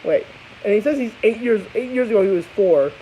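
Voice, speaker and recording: A man's voice: high-pitched, expressive, brisk, mellow. Tired, rambling young man reviewer. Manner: rambling, profane, restarts a lot. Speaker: book and episode reviewer. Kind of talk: casual vlog review. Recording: dull hissy home recording.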